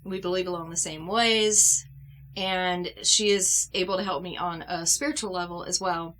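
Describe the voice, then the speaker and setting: A woman doll-collector vlogger telling a personal story at home in an earnest, heartfelt way, pausing and restarting as she goes. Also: fairly low pitch, steady tone, a bit bright, a little hiss or hum.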